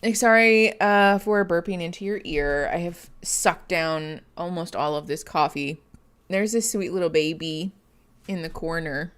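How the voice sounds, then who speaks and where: A woman's voice: lowish voice, measured pace, fairly bright tone. A woman therapist hosting a casual live stream, chatting and laughing often as she reads viewer comments. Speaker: therapist and livestream host.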